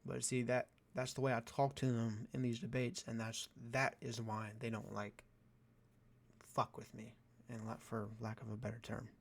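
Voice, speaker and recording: A man's voice: medium pitch, level tone, normal speed, gravelly, a little hiss or hum. A young man ranting in a vlog, profane and exasperated, with a sarcastic edge. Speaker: vlogger. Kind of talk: ranting commentary.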